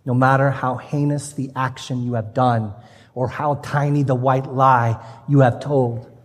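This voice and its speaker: A man's voice: mid-range voice, fairly even intonation, a little slow. A male pastor preaching a sermon to a live congregation, conversational and humorous at times, then earnest and passionate. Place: church sanctuary. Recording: long hall reverb from a church room.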